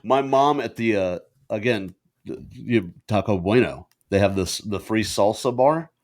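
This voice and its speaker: A man co-hosting a podcast, telling stories in animated casual banter and laughing often, recorded over a video call. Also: lowish voice, a little slow. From Indian family. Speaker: podcast co-host. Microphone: video call with ring light.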